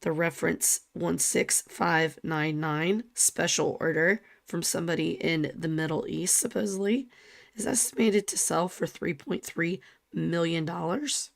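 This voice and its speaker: A woman co-hosting a casual livestream, talking slowly and often dropping into a soft near-whisper. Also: fairly low pitch, gravelly, no echo, clean studio sound. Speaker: livestream co-host.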